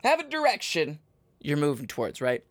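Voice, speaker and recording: A man hosting a comedic podcast, giving mock-motivational advice in a profane, ranting way that jumps into sudden squeaky jabs. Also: huge pitch swings, normal speed, no echo. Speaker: podcast host.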